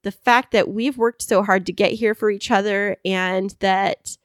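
A woman's voice: mid-range voice, steady tone, measured pace, no room sound, studio quality. A young adult woman co-hosting a podcast in casual chat, bubbly and affectionate, laughing often. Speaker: podcast co-host.

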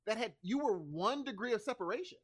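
A man co-hosting a casual podcast who talks in a playful, animated way and laughs often. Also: high-pitched, quick pace. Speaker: podcast co-host. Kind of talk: casual chat.

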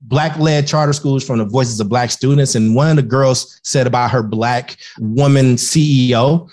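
A man speaking as a guest in a casual interview, earnest and effusive, talking in quick bursts with many restarts. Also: medium pitch, a little mellow.

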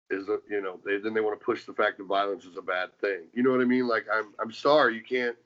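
Guy rambling about his wrestling days, lots of um and restarts, muffled lo-fi audio. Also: lowish voice. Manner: rambling with many restarts and fillers, animated when retelling. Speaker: former pro wrestler, guest. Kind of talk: casual interview storytelling. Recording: dull lo-fi sound.

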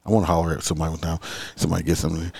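A man's voice: low-pitched, completely flat delivery, very fast, creaky, warm tone, husky, no echo. A man hosting a casual livestream, reading out crime stories and chatting with his viewers in a sarcastic, profane, rambling way.

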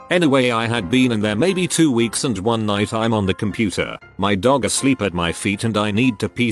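Low-voiced man reading stories aloud. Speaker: narrator.

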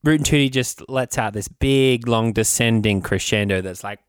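A man co-hosting a comedic talk show, quickly building silly bits with his partner. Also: medium pitch, very noisy. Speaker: co-host. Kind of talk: comedic riffing banter.

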